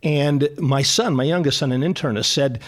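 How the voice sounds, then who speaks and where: A middle-aged man, a psychologist guest on a radio show, talking in an animated, emphatic way and repeating phrases for stress. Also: medium pitch, moderate pace. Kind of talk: conversational radio interview.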